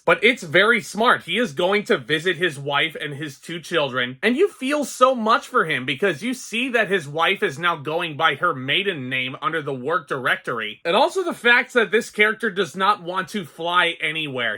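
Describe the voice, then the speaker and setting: A young adult man giving an excitable, chatty movie review, addressing his viewers as guys. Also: high-pitched. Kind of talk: casual spoken movie review.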